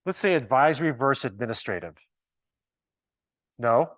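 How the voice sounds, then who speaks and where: A man's voice: mid-range voice, expressive, normal speed, a bit bright, no room sound. A man leading an informal training workshop, chatty and joking, thinking aloud as he works with the audience. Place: large ballroom with a live audience.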